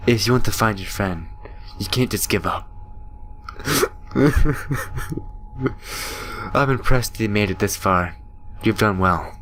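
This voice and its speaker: A man reading the lines of an eerie little ghost girl in a game, soft and comforting. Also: lowish voice, slow pace, long pauses, a little hiss or hum. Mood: eerie, soothing.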